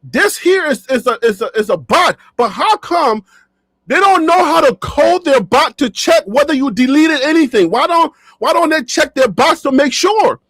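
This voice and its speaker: A man with a strikingly high speaking voice talks straight to his viewers in a casual, animated rant. He jokes, laughs often and circles back on his words. The sound is dry and close, with no room echo. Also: normal speed. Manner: animated, joking, laughs often, repeats himself. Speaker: sports channel vlogger. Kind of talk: casual talk to camera. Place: his own studio.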